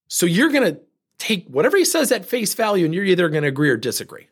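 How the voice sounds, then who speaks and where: A man's voice: sits high, very animated, fast, husky. A middle-aged man, a leadership speaker, telling a coaching story and acting out both sides of the conversation.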